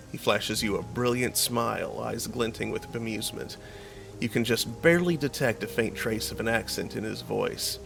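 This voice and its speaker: A man streaming a game, reading its story text aloud in a measured, descriptive way. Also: lowish voice, creaky, a bit bright, faint music behind.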